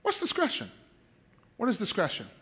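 A middle-aged male pastor preaching with great animation. His voice sits high and swings widely in pitch, with a bright, forceful edge. He acts out little scenes in different voices and laughs often. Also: wildly swooping pitch, moderate pace. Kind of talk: sermon.

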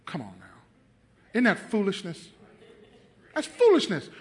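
A man's voice: high-pitched, wildly swooping pitch, measured pace, slight background noise. A man preaching a sermon as pastor, telling a personal story, acting out the people he quotes, and asking his congregation questions. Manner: storytelling preacher, acts out quoted voices, rises to loud emphatic stretches.

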